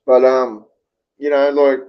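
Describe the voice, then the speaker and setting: A man's voice: mid-range voice, flat delivery, slow pace, lo-fi sound. A man with an Australian accent hosting a casual livestream, rambling with lots of fillers and swearing freely as he reads viewer comments. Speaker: livestream host.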